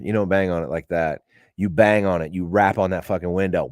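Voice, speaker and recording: A man's voice: deep voice, fairly even intonation, fairly quick, darkish tone, dry recording, clean studio sound. A man telling stories in casual, rambling, profane talk to a live audience, laughing as he goes. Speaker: podcast host.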